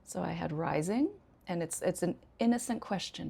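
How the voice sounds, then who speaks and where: An American woman, an ESL teacher, explaining intonation in an unhurried way with frequent pauses. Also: fairly low pitch, expressive, vocal fry, warm tone, breathy edge. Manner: unhurried, many 'um' pauses, demonstrates intonation examples. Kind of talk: casual instructional talk.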